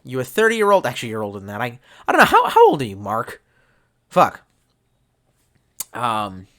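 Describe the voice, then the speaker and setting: Tipsy, profane livestream host with a bright voice. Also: medium pitch, wildly swooping pitch, moderate pace. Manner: rambling, profane and loose. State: tipsy from drinking. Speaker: livestream host reading chat. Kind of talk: casual rambling live chat. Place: at home at a desk.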